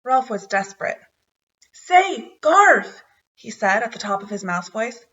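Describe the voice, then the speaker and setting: A woman's voice: medium pitch, steady tone, a little fast, a bit bright, distant mic, lo-fi sound. A woman reading a children's chapter book aloud, narrating expressively. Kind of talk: storybook read-aloud.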